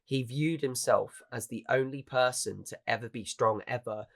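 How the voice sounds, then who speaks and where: A man's voice: medium pitch, normal speed, gravelly. A man co-hosting a casual anime podcast, retelling scenes animatedly, acting out the characters' lines and swearing casually. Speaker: podcast co-host. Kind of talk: casual chat about anime.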